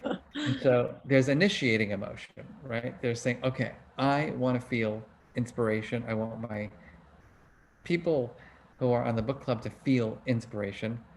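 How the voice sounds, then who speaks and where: A man's voice: mid-range voice, moderate pace, slight background noise. A middle-aged man hosting an online book club over a video call, teaching in a casual, conversational way and asking his audience questions. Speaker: book club host and emotion researcher.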